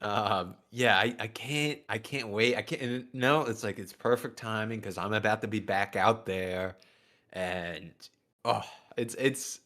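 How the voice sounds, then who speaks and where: A man's voice: on the low side, a little slow, bright, forceful tone. A male co-host in casual comedic banter who stammers, repeats words and laughs often.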